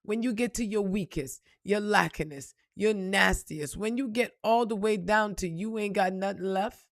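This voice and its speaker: A woman gives a motivational monologue in a blunt, emphatic way, with plenty of cursing. She calls the listener "baby" as she talks straight at them. Her voice sits at a medium pitch and is recorded close and dry, with no room echo. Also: moderate pace. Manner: blunt, emphatic, swears freely. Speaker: spiritual reader.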